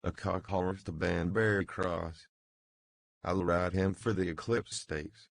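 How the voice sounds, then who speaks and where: A man reading an audiobook voices a domineering, savage brothel keeper who bullies and gloats in quick, clipped bursts. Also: deep voice, fairly even intonation, gravelly, no room sound, full character voice.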